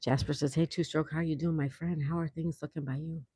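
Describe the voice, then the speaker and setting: Outdoors, a woman hosts a casual livestream, chatty and affectionate as she reads viewer comments aloud. Her low voice is warm and steady with a breathy edge, moving a little fast, and there's no echo.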